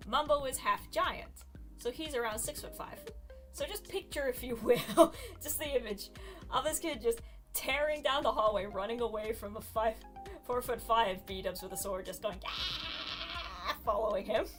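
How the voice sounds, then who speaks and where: A woman casually retelling a story with animated, giggly energy. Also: fairly high pitch, moderate pace, music in the background. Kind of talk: casual storytelling while gaming.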